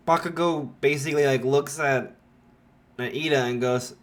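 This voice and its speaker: A man's voice: mid-range voice, steady tone, a little slow, a bit bright. A man narrating a fan story in a rambling, casual way, full of filler likes.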